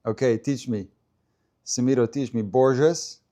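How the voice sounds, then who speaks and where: A man's voice: mid-range voice, steady tone, moderate pace, a little mellow. A man hosting a live stream, chatting casually about a tennis match and answering viewers' comments as he goes. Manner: chatty, stops to answer viewer comments and try out name pronunciations.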